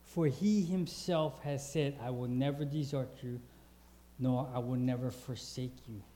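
A man's voice: medium pitch, a little slow, dark tone, slight background noise. A man preaching a sermon in a conversational way, asking the congregation questions and reading scripture aloud.

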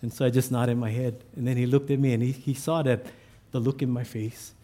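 Pastor telling a funny story. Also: male voice, medium pitch, a little fast. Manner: animated storyteller, self-deprecating humor. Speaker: assistant pastor. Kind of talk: storytelling sermon.

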